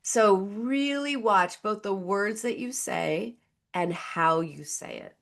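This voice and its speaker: A woman guest, a therapist, giving conversational advice in an animated way and acting out the voices she quotes. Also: mid-range voice, slow pace, creaky. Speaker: psychotherapist guest.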